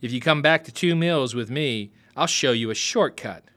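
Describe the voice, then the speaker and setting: A man voicing a calm, easygoing teenage boy who speaks in a low-key way. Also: normal speed, lightly acted.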